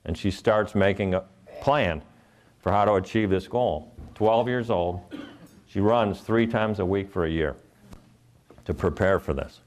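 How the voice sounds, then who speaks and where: Middle-aged male keynote speaker, low register, earnest storyteller who acts out the voices in his stories. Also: a little slow, darkish tone. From Ohio. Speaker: motivational speaker.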